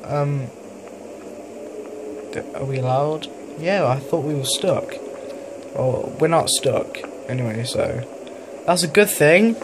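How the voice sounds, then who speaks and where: A man's voice: on the high side, slow, noisy background. A young man casually commentating a horror game at home, rambling and hesitant, laughing when he gets scared. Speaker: gaming YouTuber. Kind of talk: casual let's play commentary. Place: home room, family noise downstairs.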